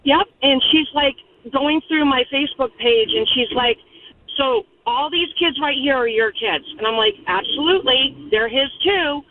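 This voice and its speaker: A woman's voice: high-pitched, normal speed, no echo. Woman caller, blunt and emphatic, phone-line sound. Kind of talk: phone-in storytelling.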